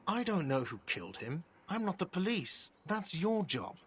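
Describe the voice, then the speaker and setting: A man's voice: high voice, very animated, normal speed, fairly bright tone, breathy edge, exaggerated voice. A man voicing an irritable, defensive cafeteria manager in a video game, sarcastic and easily offended.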